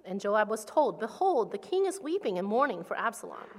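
A woman's voice: mid-range voice, sing-song, brisk. A woman interpreting a sermon into English line by line, reading scripture with feeling. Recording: long hall reverb.

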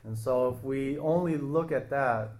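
A man preaching a sermon in a slow, earnest way, pausing and restarting his phrases. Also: medium pitch, darkish tone.

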